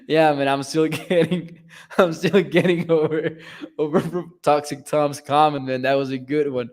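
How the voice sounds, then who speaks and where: A man's voice: fairly high pitch, fairly even intonation, slow pace. Laughing sports podcast host, man. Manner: laughs often, gives shout-outs. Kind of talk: casual live-stream chat reading comments.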